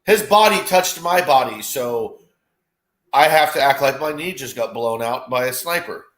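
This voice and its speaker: A man with a mid-range voice and moderate pace guests on a sports watchalong. He chats casually, swearing freely and exclaiming animatedly as he reacts to the game.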